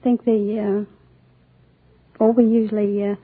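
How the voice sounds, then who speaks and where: A woman's voice: medium pitch, level tone, a little slow, slightly rough. A woman from Scotland, a contestant on a radio quiz show, answering in a shy, hesitant way and giggling often. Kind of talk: unscripted interview answers. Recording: tinny old radio broadcast with studio audience.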